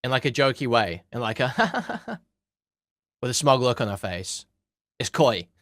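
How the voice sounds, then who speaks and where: A man's voice: medium pitch, big pitch swings, measured pace, a bit bright, dry recording. A young adult man giving blunt, emphatic reaction commentary on a debate, with a mocking edge, into a close mic. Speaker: commentary host.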